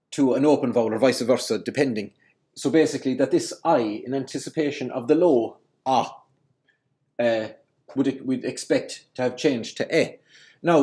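A man's voice: medium pitch, mellow. A man explaining Irish word history in an unscripted lesson, with frequent ums and restarts as he works through each point. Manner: hesitant, many ums and restarts. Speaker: language teacher.

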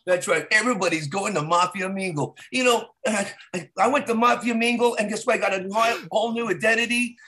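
A comedian putting on an over-the-top male mobster pitchman with a loud, hyped sales-pitch delivery. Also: fast talker, few pauses, slight background noise.

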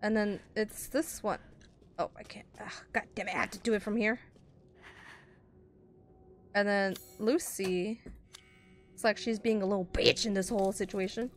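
A woman's voice: mid-range voice, fairly even intonation, normal speed, pauses often, soft background music. A woman commentating a horror video game as she plays, jumpy and chatty, talking both to the game and to her viewers. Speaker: gaming streamer.

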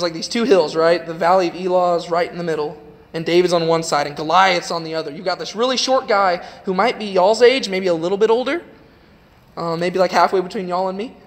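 A man's voice: sits high, fairly quick. A young man giving a casual, chatty youth sermon in a church, retelling a story with lots of "like". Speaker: youth preacher. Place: church sanctuary. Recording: long hall reverb.

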